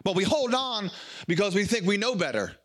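Male pastor, high bright voice, animated sermon delivery with acted-out exchanges. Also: moderate pace. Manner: animated, acts out little dialogues.

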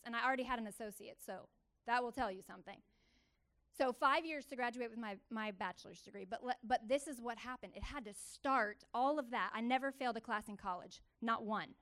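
Her voice slightly high, a woman preaches her testimony to a church crowd as a church speaker. She relates her story animatedly, driving points home through emphatic repetition.

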